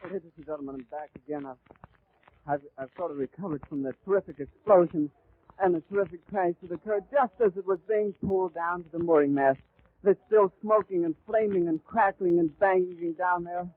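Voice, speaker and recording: Man on old-time radio calling what he sees live, fairly high voice, tinny and dry. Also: normal speed, no room sound. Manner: vivid, flowing description with occasional stumbles. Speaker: radio announcer. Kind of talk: live eyewitness radio commentary.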